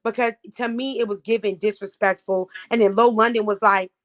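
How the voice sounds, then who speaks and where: A woman's voice: medium pitch, steady tone, fairly quick. A young woman from Florida, chatting casually and bluntly about an audition with lots of slang and profanity. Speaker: audition contestant. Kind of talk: casual chat.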